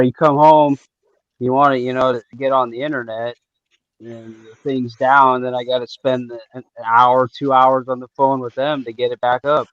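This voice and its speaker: A man's voice: mid-range voice, no echo, lo-fi sound. A man from Eastern Washington chatting casually on a livestream, easygoing and sarcastic, often trailing off and restarting. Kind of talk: casual chat.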